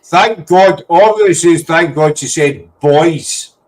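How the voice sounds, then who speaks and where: A man's voice: on the high side, measured pace, rough recording. Rambling chatty man. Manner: chatty, rambling, easily sidetracked. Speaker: host. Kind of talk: casual chat.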